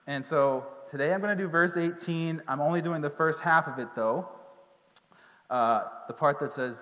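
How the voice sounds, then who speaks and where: A man with a somewhat high voice teaches a Bible lesson to a group in an easygoing way, joking now and then and stumbling over fillers and restarts. His voice carries a long reverb from a large hall. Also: moderate pace, a bit bright.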